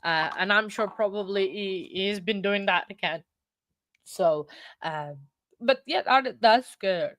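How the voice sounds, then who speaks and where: Her speech is slow and a bit bright at a medium pitch, recorded dry in studio quality. She's the host of a laid-back live chat stream, drowsy and yawning, rambling along and constantly breaking off to restart her sentences.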